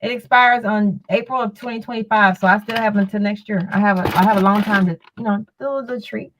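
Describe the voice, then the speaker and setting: A woman's voice: medium pitch, fairly even intonation, a little fast, fairly bright tone, slight background noise, rough recording. A woman co-hosting a casual call-in talk show, chatting in an easygoing way. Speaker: co-host.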